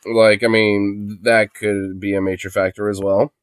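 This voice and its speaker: Young male streamer host, casual swearing rambler, smooth dry tone. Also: lowish voice, little pitch movement, a little slow, no echo. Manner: rambling, laughs often, swears freely. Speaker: streamer host reacting to videos. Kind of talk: casual reaction chat.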